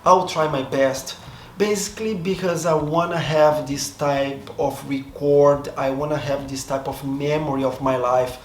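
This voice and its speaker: A man's voice: fairly high pitch, fairly even intonation, moderate pace. A man from Brazil with a Brazilian accent, a Portuguese native speaker, talking to his camera in a reflective, hesitant way, often stopping to restart and rethink his words. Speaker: vlogger. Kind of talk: casual monologue to camera. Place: seated in front of a camera. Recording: echoey room, faint background noise.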